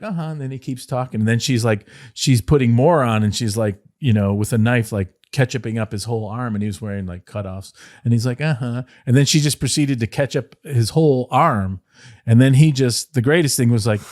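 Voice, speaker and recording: A man's voice: mid-range voice, a little mellow, no room sound, clean studio sound. Rambling, laughing man telling stories. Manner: rambling anecdotes with frequent laughter and fillers. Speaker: podcast co-host, former wrestling insider. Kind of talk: casual storytelling chat.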